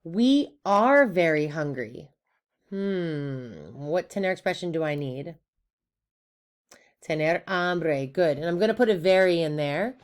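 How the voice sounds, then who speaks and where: A woman with a lowish voice teaches a recorded lesson at an unhurried pace. She is upbeat and playful, putting questions to her students and then answering them herself. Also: animated. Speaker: Spanish teacher.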